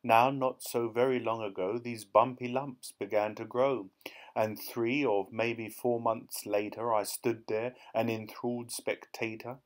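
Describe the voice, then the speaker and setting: A man narrating an audiobook of rhyming children's poems, reading in a lively, bouncy rhythm. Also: medium pitch, unhurried. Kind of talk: reading rhyming verse aloud.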